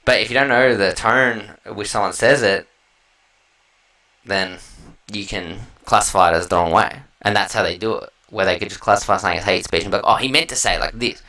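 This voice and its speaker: A man's voice: lowish voice, fairly even intonation, fairly quick, sharp tone, poor audio. An Australian man hosting a solo podcast, talking in a loose, rambling way with slang and heavy swearing. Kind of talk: casual rambling monologue.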